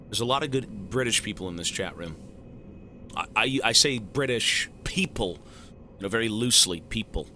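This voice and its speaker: A male streamer thanking donors and joking with his live chat in a profane, animated way. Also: on the low side, moderate pace, a little hiss or hum.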